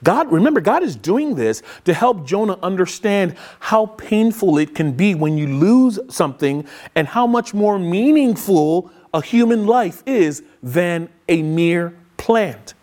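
Animated man preaching a lively sermon. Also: high voice, unhurried, few pauses. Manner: animated preaching, acts out quoted voices. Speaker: pastor. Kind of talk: sermon podcast.

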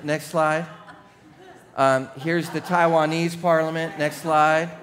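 A male pastor delivering a sermon, with a voice pitched higher than most men. He tells the story playfully and animatedly, slipping into quick mock voices for the people in it. He preaches to a gathered congregation in a church. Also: level tone, a bit bright.

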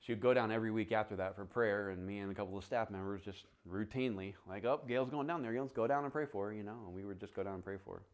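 Brief: male pastor, deep low voice, animated sermon storyteller who acts out dialogue. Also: quick pace, few pauses.

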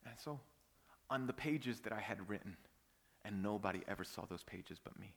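A man's voice: lowish voice, normal speed, vocal fry. Man preaching in an echoing hall. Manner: storytelling, swings from hushed whispers to loud outbursts. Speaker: pastor. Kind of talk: sermon.

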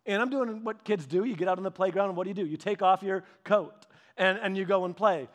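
High-voiced man telling a funny story. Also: fast. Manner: animated, humorous storytelling with frequent laughs and restarts. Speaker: pastor. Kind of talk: storytelling sermon.

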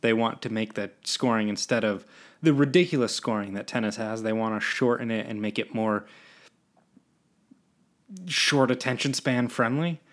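Rambling young podcast host. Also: male voice, lowish voice, moderate pace. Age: 20s. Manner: rambling, self-deprecating, drifting between topics. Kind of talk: solo podcast monologue.

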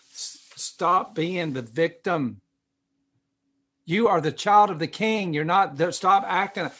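Male pastor mid-sermon, slightly high voice, slow and emphatic delivery, repeats phrases. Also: fairly bright tone. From United States.

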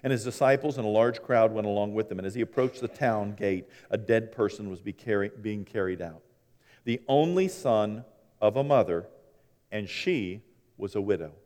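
A man preaching a sermon, telling folksy stories and swinging between hushed and loud, animated delivery. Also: on the low side, moderate pace. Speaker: pastor. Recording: long hall reverb.

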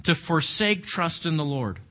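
A man with a fairly high, sharp, animated voice leads an interactive Bible study at an unhurried pace. Reflective, he often asks the group questions and repeats words as he thinks.

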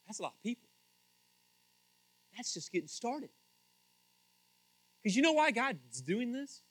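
A man preaching with a high, lively voice that leaps between near-whispered asides and loud calls. His tone is bright and forceful, and the sound is dry and close. He keeps putting pointed questions straight to his congregation. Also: unhurried, dry recording. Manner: animated, swings from hushed asides to shouting. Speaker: pastor. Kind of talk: sermon.

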